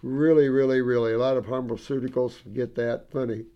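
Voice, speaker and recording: A man's voice: mid-range voice, flat delivery, a little fast, lo-fi sound. A man working as a natural health practitioner, talking casually and enthusiastically to his audience about client cases, rambling with asides and repetitions and calling viewers sweetie and honey. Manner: acts out dialogue in anecdotes. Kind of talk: casual talk to an online audience.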